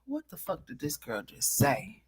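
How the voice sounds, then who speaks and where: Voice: medium pitch, huge pitch swings, moderate pace, very noisy. A commentary host reacting to clips with brash, profane, mocking talk.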